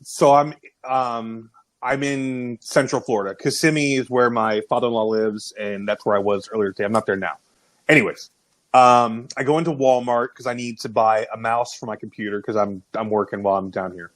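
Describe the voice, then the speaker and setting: A man's voice: medium pitch, fairly even intonation, brisk. A man co-hosting a podcast, telling a funny anecdote in casual chat and laughing along. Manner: chatty anecdote teller, laughs at his own story.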